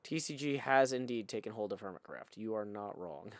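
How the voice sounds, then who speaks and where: A man's voice: lowish voice, expressive, fairly quick, no echo. A man hosting a live game stream, chatting casually and reading viewer messages aloud.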